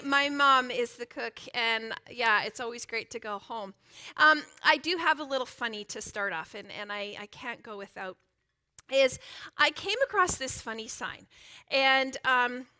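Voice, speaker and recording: A woman's voice: high-pitched, sharp tone. A woman pastor preaching a sermon in a chatty, playful way, joking and laughing easily with the congregation.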